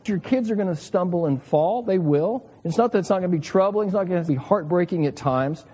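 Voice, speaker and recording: A man's voice: high-pitched, expressive, a little fast, mellow, husky. A man in his sixties preaching a sermon to fathers, earnest and emphatic, telling stories and asking rhetorical questions. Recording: long hall reverb.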